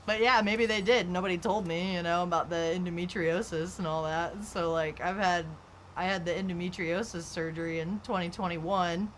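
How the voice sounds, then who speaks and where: Her voice is lowish and fairly even in intonation, moving at a moderate pace, with a little hiss or hum behind it. She's a young adult streamer chatting casually during a game, rambling, candid, and full of "like."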